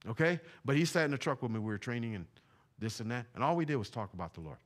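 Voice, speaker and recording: A man's voice: mid-range voice, very animated, quick pace. A middle-aged man from Puerto Rico, preaching a fervent sermon in a church, repeating his points with emphasis. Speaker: pastor. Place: church sanctuary.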